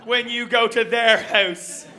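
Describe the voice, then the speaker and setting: High-voiced Irish stand-up comic. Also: male voice, fairly even intonation, takes it slowly, sharp tone, a little hiss or hum. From Ireland. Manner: punchy, self-mocking, with tag lines. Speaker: stand-up comedian. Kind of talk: stand-up set. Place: comedy venue with live audience.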